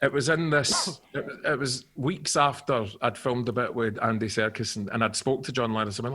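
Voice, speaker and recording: A middle-aged Scottish man, an actor guest on a podcast, telling animated anecdotes with swearing and acted-out quotes. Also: mid-range voice, moderate pace, slight background noise. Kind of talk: podcast storytelling.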